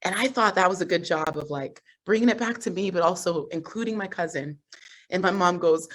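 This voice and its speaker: A woman coach telling a personal story on a group video call, animated and laughing often. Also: on the low side, brisk. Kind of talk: motivational group call talk.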